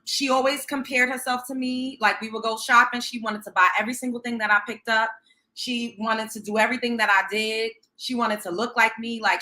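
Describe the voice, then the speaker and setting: A woman's voice: on the high side, pushed and bright. A young woman from Brooklyn, hosting a show and telling a story in a blunt, profane, sassy way. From Brooklyn, New York. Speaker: host. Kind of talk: storytelling commentary.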